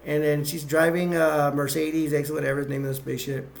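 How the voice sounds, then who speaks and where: Man, amateur movie reviewer, gravelly, slightly higher voice, halting, rambling scene recap. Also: little pitch movement. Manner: halting and rambling, many restarts, chuckles as he goes. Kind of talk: casual scene-by-scene retelling.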